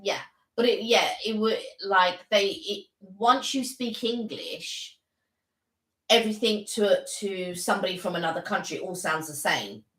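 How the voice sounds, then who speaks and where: A woman co-hosting a relaxed live stream, chatting as the thoughts come to her, with a mid-range voice. She sometimes moves into slow, searching French. The sound is echoey, like a bare room at home. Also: medium pitch. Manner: chatty, thinks aloud while talking; switches into halting French at times. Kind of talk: casual live-stream chat.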